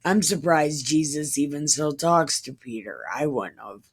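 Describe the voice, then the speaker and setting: A woman's voice: deep voice, animated, a little slow, slightly rough. A woman reading scripture aloud with sarcastic, incredulous asides. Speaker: comedic Bible reader. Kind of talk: irreverent comedic scripture reading.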